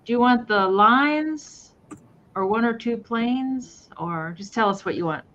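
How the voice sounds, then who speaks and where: A woman's voice: fairly high pitch, expressive, unhurried, fairly bright tone, a little hiss or hum. Chatty woman selling on muffled line. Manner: chatty, rambling, many fillers. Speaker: live sale seller. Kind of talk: casual live sale chat. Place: at home near the kitchen.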